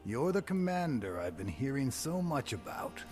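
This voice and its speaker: An actor playing a male security minister in a video game, speaking in a cool, measured way with a faint edge of menace. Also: mid-range voice, big pitch swings, a little mellow, close to an everyday voice. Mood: coolly formal. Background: game music.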